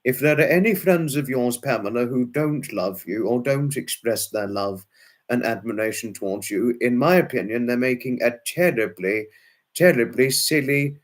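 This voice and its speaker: A man's voice: mid-range voice, expressive, moderate pace. A man chatting live to viewers, answering comments in a rambling, fussy way with many restarts and exclamations. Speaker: live streamer. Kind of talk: casual chat answering viewers.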